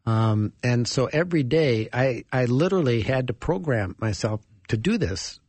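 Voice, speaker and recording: Husky man telling a lively story. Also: mid-range voice, moderate pace, dry recording. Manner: animated storyteller acting out dialogue, chuckling. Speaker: author and guest. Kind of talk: storytelling interview answer.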